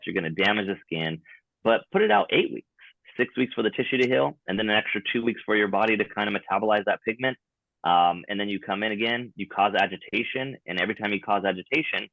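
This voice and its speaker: A man's voice: fairly low pitch, dry recording. A man talking in a casual podcast chat as a guest, explaining his work in a laid-back way with frequent fillers. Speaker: tattoo removal specialist, podcast guest. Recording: dry, phone-like narrow sound.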